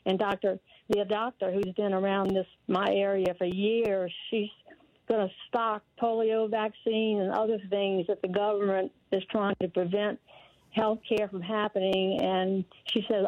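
A woman's voice: mid-range voice, little pitch movement, unhurried, no echo. An older woman calling into a radio talk show, telling her story in an earnest, rambling, indignant way. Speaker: caller. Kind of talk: phone call to a talk show. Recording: dull dry phone line.

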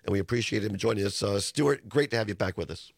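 A man hosting a talk radio show, hoarse and congested, chatting casually with stumbling restarts into a studio microphone. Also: on the low side, quick pace, no room sound.

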